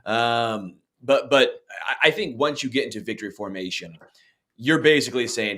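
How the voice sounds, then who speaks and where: A man's voice: medium pitch, normal speed, pushed and bright. A man co-hosting a sports podcast, giving blunt, opinionated takes and often repeating words as he restarts. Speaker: podcast co-host. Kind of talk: casual sports podcast chat.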